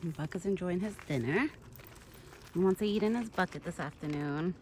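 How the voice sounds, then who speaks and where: A woman talks into her phone outdoors, chatty and bubbly, laughing easily and a little out of breath. Her voice sits on the low side. A faint outdoor hum runs under her. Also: moderate pace. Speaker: vlogger feeding a deer. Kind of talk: casual outdoor vlog. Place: outdoors in a yard.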